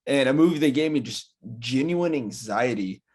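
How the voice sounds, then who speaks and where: A man's voice: mid-range voice, expressive, moderate pace, a little mellow, husky. A man in his twenties co-hosting a podcast, musing in a thoughtful, hesitant way in casual chat. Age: 20s. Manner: thoughtful, hesitant, many fillers. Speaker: podcast co-host.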